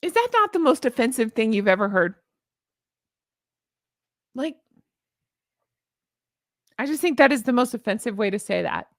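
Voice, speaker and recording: A woman's voice: a little high, expressive, measured pace, pauses often, no echo, studio quality. A woman hosting a casual commentary vlog, sarcastic and exasperated as she rants. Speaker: YouTube commentary host.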